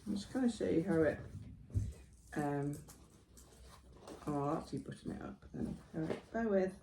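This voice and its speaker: New zealand woman, deep low voice, chatty, faint room noise. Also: lively intonation, normal speed, gravelly, mellow. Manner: chatty, laughing, many fillers. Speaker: podcast co-host. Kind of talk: casual chat.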